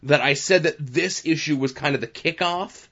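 A man's voice: on the high side, normal speed, a bit bright, dull audio. A man hosting a podcast, making upbeat plugs and segment intros in casual chat. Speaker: podcast host.

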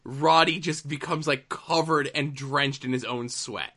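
A man's voice: medium pitch, steady tone, measured pace, pushed and bright. A man co-hosting a casual chat, wry and skeptical in a dry way. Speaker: podcast co-host.

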